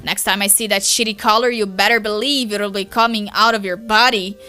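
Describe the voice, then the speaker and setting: A woman voicing a hot-tempered teenage troll boy who snaps and swears loudly while reading a webcomic aloud. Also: mid-range voice, steady tone, fairly quick, clean tone, soft background music, natural voice. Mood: furious.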